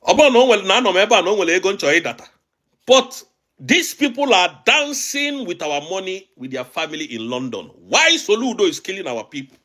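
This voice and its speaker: Nigerian male host, high and lively voice, emphatic and agitated commentary with lots of repetition. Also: normal speed. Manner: emphatic and agitated, repeating phrases. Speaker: online show host. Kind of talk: impassioned political commentary. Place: abroad, recording a video.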